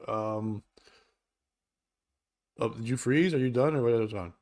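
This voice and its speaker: A man's voice: mid-range voice, a little slow, a little mellow. A man hosting a comedy podcast, joking through casual banter and laughing often. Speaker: podcast host.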